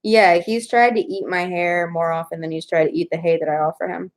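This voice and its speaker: A young woman in her twenties, a writer hosting a livestream, chats casually with viewers, rambling through stories packed with "like." Her voice is fairly low and fairly quick, with fairly even intonation.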